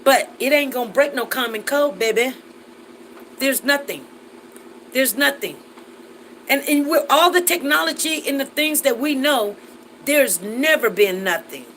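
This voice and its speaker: A woman's voice: high-pitched, lively intonation, unhurried, pauses often, fairly bright tone, slight background noise, low-quality recording. A woman in her forties hosting a casual live chat, reading viewer comments and laughing often as she talks. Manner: chatty and laughing, with Southern Black American vernacular.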